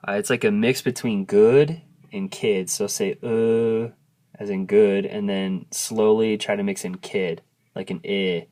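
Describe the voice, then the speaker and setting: A man whose first language is English gives a casual video lesson as a language teacher, slowly and patiently explaining and sounding vowels out loud. His voice sits on the low side with a dark tone and fairly even intonation.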